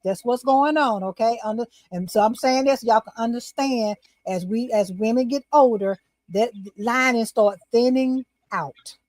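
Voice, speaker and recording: An older woman, a talk show host, telling a personal faith story in casual, animated chat. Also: on the high side, unhurried, no echo.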